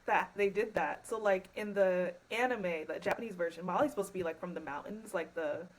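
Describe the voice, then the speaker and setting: A woman speaks as a guest on a podcast, easygoing and enthusiastic, with many ums and likes. Her voice sits on the lower side for a woman. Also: brisk, rough recording. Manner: enthusiastic, casual, frequent fillers. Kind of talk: casual podcast chat.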